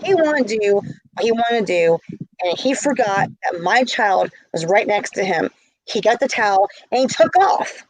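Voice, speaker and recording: A woman's voice: medium pitch, animated, moderate pace, no echo, rough recording. A middle-aged woman telling a story in a casual vlog, heated and indignant. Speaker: vlogger.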